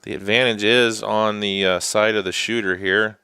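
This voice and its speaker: A man giving live play-by-play commentary on a youth soccer shootout, unhurried and sometimes hushed. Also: lowish voice, fairly even intonation, clear, resonant tone, no room sound. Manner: unhurried, drops to a hushed whisper during tense kicks. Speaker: sports commentator.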